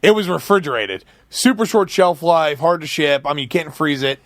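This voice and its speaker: Male podcast guest, high pitch, animated storyteller, dry close mic. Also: normal speed, dry recording. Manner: animated, storytelling with acted-out quotes. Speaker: guest, food company founder. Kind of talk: casual podcast chat.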